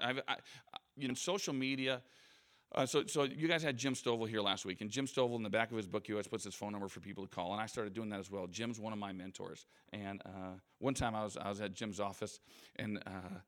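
A man's voice: medium pitch, a bit bright. A man giving an anecdotal motivational talk in front of a live audience, in a conversational, self-deprecating storytelling manner. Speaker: guest speaker.

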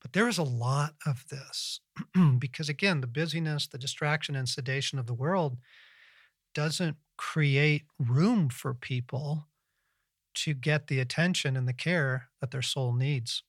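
A middle-aged man hosting a Christian podcast, talking earnestly and reflectively in casual conversational teaching, with lively bursts and frequent restarts. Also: a little high, a little slow, no echo, studio quality. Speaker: podcast host and Christian author.

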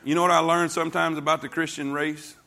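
Forceful pastor preaching. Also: male voice, on the high side, little pitch movement, quick pace, vocal fry. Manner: folksy storytelling, swings from hushed to shouting. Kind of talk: sermon. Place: church sanctuary before a congregation.

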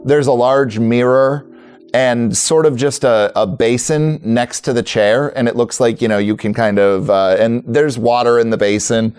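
Man narrating as a relaxed game master. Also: mid-range voice, unhurried, smooth, faint music behind. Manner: relaxed, rambling description full of "uh"s and "like"s.

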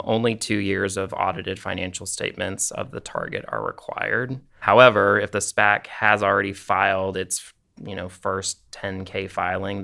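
Gravelly low-voiced man explaining accounting. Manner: steady technical explaining with frequent "you know". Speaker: accounting expert guest. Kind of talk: explanatory podcast discussion.

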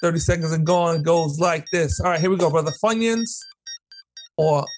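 A man co-hosting a podcast, running a quick quiz game in a playful, joking way and laughing often. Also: a little high, fairly even intonation, soft background music. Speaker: podcast co-host. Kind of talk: casual chat, quiz game.

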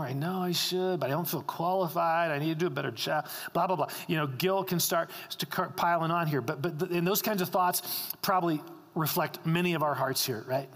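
Male pastor, fairly high voice, emphatic sermon delivery in a long-reverb sanctuary. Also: fairly quick, fairly bright tone. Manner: emphatic, repeats key lines for stress.

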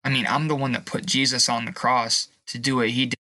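Tearful young man with a bright voice. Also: mid-range voice, flat delivery, dry recording. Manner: emotional, halting, pauses and restarts. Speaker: guest. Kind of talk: personal testimony.

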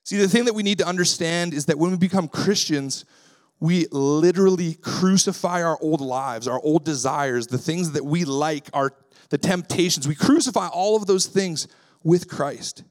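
Lively pastor preaching in a conversational way. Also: male voice, fairly high pitch, moderate pace. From Canada. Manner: conversational preaching with personal family stories; lively, acts out his own voice when quoting himself. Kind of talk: sermon.

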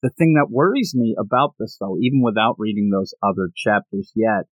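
A man's voice: on the low side, a little fast, no echo, highs cut off. A man hosting a casual podcast, rambling and joking with frequent restarts. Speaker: podcast host.

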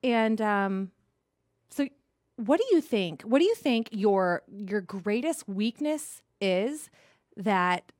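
A woman's voice: mid-range voice, lively intonation, takes it slowly, no echo. Woman, 30s, podcast co-host and interviewer, easy laughs, dry close mic. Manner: warm, laughing, frequent mm-hmms. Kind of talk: casual chat.

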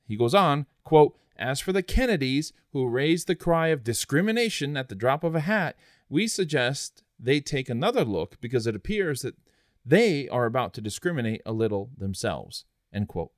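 A man's voice: medium pitch, sing-song, normal speed, no room sound, clean studio sound. A man hosting a history podcast, narrating in an earnest, conversational way with chatty asides. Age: adult, after college. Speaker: podcast host.

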